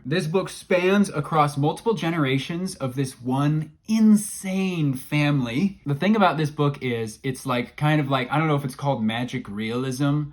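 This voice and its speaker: A man casually reviewing the books he read, joking and gushing with over-the-top enthusiasm. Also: mid-range voice. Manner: enthusiastic, jokey, hyperbolic. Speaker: book vlogger. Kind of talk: casual book review vlog.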